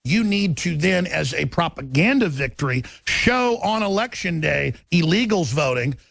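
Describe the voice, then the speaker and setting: A man's voice: fairly high pitch, animated, moderate pace, gravelly, a bit bright, no echo. A middle-aged man hosting a talk show, ranting in heated political commentary with intense repetition.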